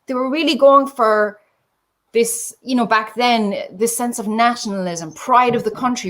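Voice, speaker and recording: A woman talking as a guest over a video call. She speaks in an animated, expressive way and slips into short acted-out quotes as she tells things. The sound is that of a casual online chat. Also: on the high side, moderate pace. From Ireland. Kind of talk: casual conversation.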